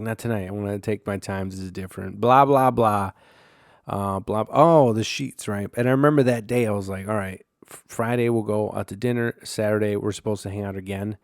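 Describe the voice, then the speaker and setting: A man's voice: fairly low pitch, vocal fry, no echo, clean studio sound. A man hosting a solo podcast, telling stories in a rambling, profane way full of fillers and restarts. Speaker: podcast host.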